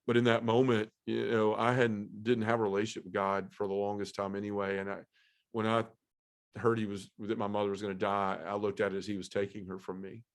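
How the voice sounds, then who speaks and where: A man sharing an emotional personal testimony as a podcast guest, earnest and halting, with many fillers. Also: fairly low pitch, little pitch movement. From Memphis area, US South.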